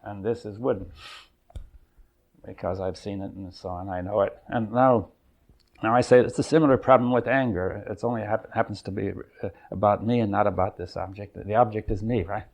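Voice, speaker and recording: An older man leading a seminar, thinking aloud in a halting, searching way and often checking in with his listeners. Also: fairly low pitch, fairly even intonation, darkish tone. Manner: thoughtful, halting, often checks in with "right?" and "you see". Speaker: seminar leader. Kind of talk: exploratory seminar talk. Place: seminar room.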